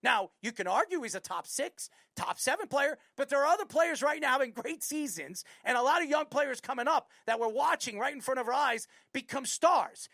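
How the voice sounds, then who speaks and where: A woman with a New York accent hosting a sports talk show, ranting bluntly about a player with loud bursts. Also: high-pitched, lively intonation, moderate pace, creaky, few pauses, dry recording, studio quality. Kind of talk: opinionated sports commentary.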